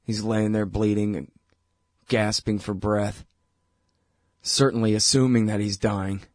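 A man's voice: fairly low pitch, flat delivery, a little slow, no echo, studio quality. A male radio host giving blunt, heated political commentary in a conversational way, with frequent fillers.

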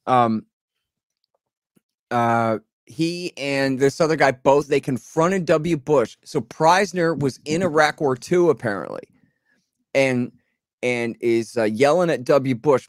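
Speaking slowly at a medium pitch, a man co-hosts a casual political podcast, rambling sarcastically and acting out mocking quotes while he tells a story. The studio-quality recording has no echo.

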